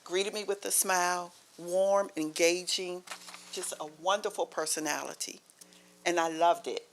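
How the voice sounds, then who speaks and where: A woman's voice: fairly low pitch, steady tone, measured pace, a little hiss or hum. Earnest storytelling woman at a podium. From Maryland, USA. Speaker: honoree's guest speaking at a county board meeting. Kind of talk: heartfelt public remarks.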